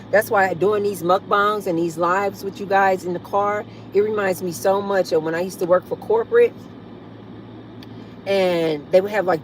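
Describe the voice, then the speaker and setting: A woman's voice: on the low side, slight background noise. A woman hosting a casual livestream from her parked car, chatting and reading viewer comments aloud with frequent laughter. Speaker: livestream host.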